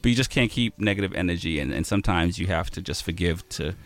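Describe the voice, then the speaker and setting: A man hosting a radio show in casual chat, talking in a halting way with frequent restarts. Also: sits low, animated, no room sound.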